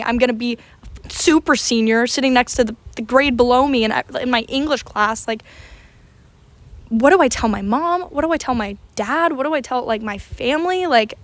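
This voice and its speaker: Animated young woman telling a story. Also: fairly high pitch. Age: young adult. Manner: animated, dramatic, swears freely. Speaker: vlogger. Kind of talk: casual storytelling to camera.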